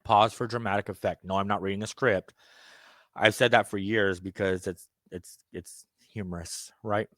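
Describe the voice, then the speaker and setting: A man delivering a profane, rambling, conspiratorial monologue, swinging between loud outbursts and muttered asides. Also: on the low side, fairly even intonation, moderate pace, no room sound, clean studio sound. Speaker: self-styled candidate addressing viewers. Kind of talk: ranting monologue.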